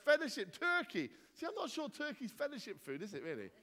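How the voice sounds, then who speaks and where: Brief: male vicar, high bouncy voice, jokey crowd banter, long church-hall reverb. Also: wildly swooping pitch, fairly quick, pushed and bright. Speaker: vicar leading a church gathering. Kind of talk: playful banter with the congregation.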